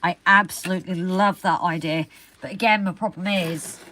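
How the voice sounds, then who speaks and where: A woman's voice: fairly low pitch, fairly even intonation, normal speed, pushed and bright, no echo. A woman chatting casually while building a model railway, teasing her partner.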